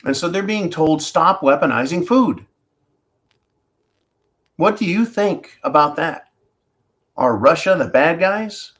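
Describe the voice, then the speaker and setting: A man's voice: fairly high pitch, expressive, measured pace, a bit bright. A man hosting a live stream, ranting through rhetorical questions and calling his viewers folks. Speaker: host of a live political commentary stream. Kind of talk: live-stream commentary monologue.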